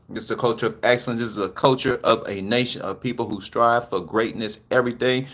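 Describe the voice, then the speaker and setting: A man's voice: medium pitch, fairly even intonation, a little fast, hardly any pauses, fairly bright tone. A man hosting a casual live commentary vlog, laid-back and a little out of breath, repeating himself and talking straight to his viewers. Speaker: channel host.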